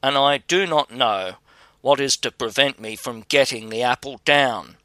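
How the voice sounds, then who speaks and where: Man doing a confident young storybook prince, slow and crisp. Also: medium pitch, pushed and bright, no room sound. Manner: confident, boastful. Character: young male prince, bold and fearless.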